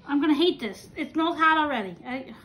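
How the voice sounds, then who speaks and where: High-voiced woman vlogger, joking and squeamish. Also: expressive, brisk, a bit bright, rough recording. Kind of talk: casual food challenge vlog.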